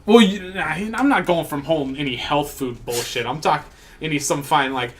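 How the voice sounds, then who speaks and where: Casting: young male podcast host, slightly high voice, crude and rambling banter. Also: moderate pace, a little hiss or hum. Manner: profane, rambling, jokey. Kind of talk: casual chat.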